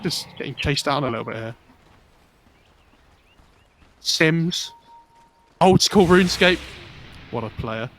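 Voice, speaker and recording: Cheeky esports caster. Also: male voice, a little high, lively intonation, slow pace, pauses often, fairly bright tone, slight background noise. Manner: cheeky, joking. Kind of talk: casual chat during a game pause.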